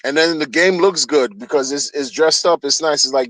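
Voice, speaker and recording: A man's voice: on the high side, moderate pace, hardly any pauses, a bit bright, no room sound, poor audio. A man streaming a heated solo rant, agitated and profane, often repeating himself.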